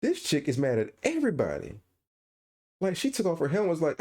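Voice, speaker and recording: A man's voice: high voice, moderate pace, pauses often, husky. A man co-hosting a podcast in casual chat, ranting with incredulous energy. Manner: animated, incredulous ranting with laughs. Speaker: podcast co-host.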